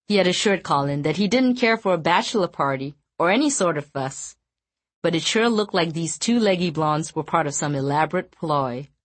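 Low-voiced woman narrating an audiobook. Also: no echo. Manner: measured, even storytelling. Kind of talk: scripted narration.

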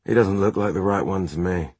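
A man voicing an earnest young male shadow hunter who speaks quietly and insistently, in an audiobook reading. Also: sits low, a little fast, husky, no room sound. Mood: doubtful.

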